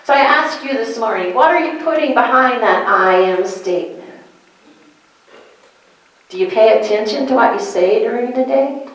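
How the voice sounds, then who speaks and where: A woman's voice: fairly high pitch, normal speed. A woman minister giving a sermon-style lesson to a congregation, asking questions of her listeners and repeating key phrases with emphasis. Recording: echoey room.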